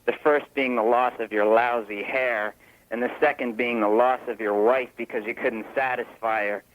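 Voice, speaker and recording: A man's voice: medium pitch, fairly even intonation, normal speed, a little hiss or hum, poor audio. A man calling a radio show to mock the host with insults. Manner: mocking insults. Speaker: caller.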